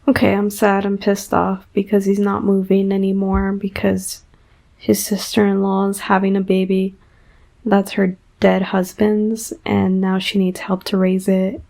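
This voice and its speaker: A book vlogger in her twenties reacts live as she reads, by turns dramatic, gushing, and exasperated in a casual way. Her medium-pitched voice is monotone, gravelly, and dark-toned, at a measured pace.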